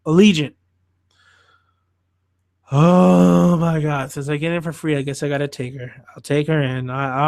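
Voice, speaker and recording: A man with a fairly high voice hosts a podcast in a loose, rambling chat that is full of swearing. His talk is excitable, and his voice sounds dry and close, with no room echo. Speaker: podcast host reviewing films. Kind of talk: casual chat.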